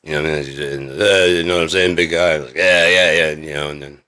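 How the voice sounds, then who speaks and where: Deep-voiced man rambling and coughing. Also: steady tone, quick pace, fairly bright tone. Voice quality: frequent coughing. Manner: rambling, swears, coughs often, acts out quotes. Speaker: video creator. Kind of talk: rambling monologue.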